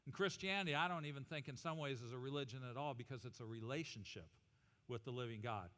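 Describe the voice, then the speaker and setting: Brief: energetic male pastor, jokey sermon, high bright voice, big church reverb. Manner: animated, humorous, leads congregation in call-and-response. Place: church auditorium.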